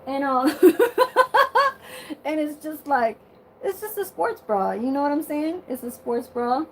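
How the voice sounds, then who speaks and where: A woman's voice: high-pitched, animated, moderate pace, slight background noise, poor audio. A woman vlogger chatting casually to her viewers from her bedroom, sassy and blunt, swearing freely and laughing often.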